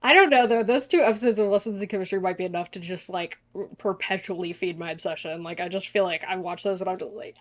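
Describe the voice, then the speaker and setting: A woman giving a casual reaction commentary on a show, gushing and excitable, swearing freely. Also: mid-range voice, fairly quick, a little hiss or hum. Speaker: YouTuber.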